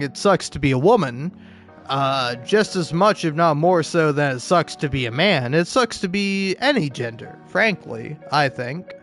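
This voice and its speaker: Young male gameplay commentator: sarcastic, rambling, stammering, light game music underneath. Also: fairly high pitch.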